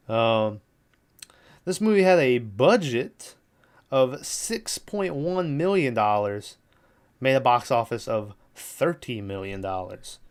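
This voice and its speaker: A man's voice: medium pitch, clean tone. A young man hosting a podcast, casually recapping a movie plot in a loose, rambling way with lots of fillers and swearing. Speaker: podcast host.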